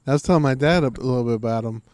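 A man co-hosting a casual podcast, telling stories in an animated way and swearing freely. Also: medium pitch, very fast, no room sound. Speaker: podcast co-host. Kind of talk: casual chat.

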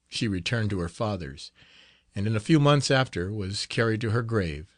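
Measured and expressive, a man with a lowish voice narrates a classic novel for an audiobook. It's a dry recording with clean studio sound.

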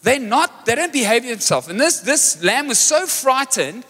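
A man preaching a sermon as pastor, animated and joking as he tells a story. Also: very high voice, normal speed, husky. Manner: energetic, animated storytelling with jokes. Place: large church hall. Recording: live church hall reverb with music.

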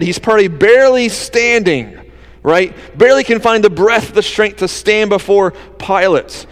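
A man's voice: high-pitched, long reverb tail. A man preaching a sermon to his church, earnest and conversational, asking the listeners rhetorical questions. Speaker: pastor.

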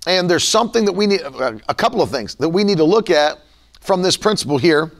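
A man preaching a sermon in an animated style, sometimes acting out the voices of people he quotes. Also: sits high, brisk.

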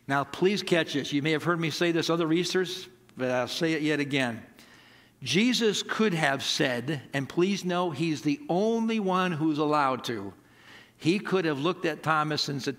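A man preaching with a high, ringing voice. He tells the story in an animated way and voices the characters' words himself. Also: moderate pace. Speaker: pastor. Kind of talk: sermon.

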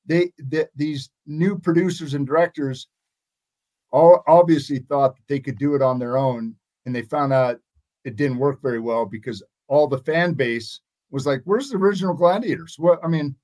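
In a relaxed interview, a man in his sixties rambles through his stories and keeps beginning sentences again. His voice is medium-pitched, steady and a little mellow, at a moderate pace.

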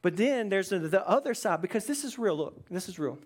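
Pastor preaching, chatty and lively, keeps saying right?, jumps into little voices. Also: a little fast. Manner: conversational, lively preaching with many "right?" asides; acts out quoted voices with sudden drops and jumps in pitch. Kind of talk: sermon.

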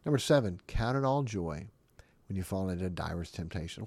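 A man preaching a sermon, emphatic and animated, often laughing between his points. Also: on the low side, a little fast, vocal fry, dry recording. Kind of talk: sermon teaching.

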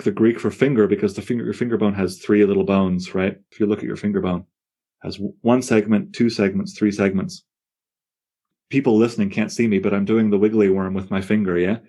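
A man with a fairly low voice leads a poetry class. He talks in a lively, digressive way and often stops himself mid-thought to add an aside. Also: brisk. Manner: animated, digressive, self-interrupting. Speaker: poetry teacher. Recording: on air class broadcast.

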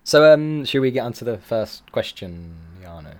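A man co-hosting a podcast, delivering dry, deadpan quips in casual chat. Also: mid-range voice, normal speed. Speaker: podcast co-host.

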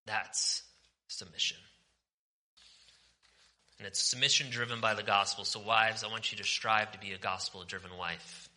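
A male pastor preaching a sermon with passion, moving from forceful declarations down to hushed, almost whispered lines. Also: fairly low pitch, fairly even intonation, moderate pace, long pauses. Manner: impassioned, swings from forceful preaching to near-whispers.

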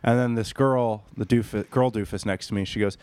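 A man's voice: on the low side, fairly even intonation, brisk, a little mellow, clear, resonant tone, no echo. A man telling a bar story in casual podcast chat, rambling and profane, often restarting mid-sentence.

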